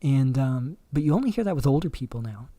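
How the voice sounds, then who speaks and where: Guy riffing on his stream, warm low-key tone, dry close sound, lots of ums and restarts. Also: expressive, no room sound. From Canada. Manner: rambling, halting, many fillers and restarts. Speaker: livestream host. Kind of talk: casual livestream commentary.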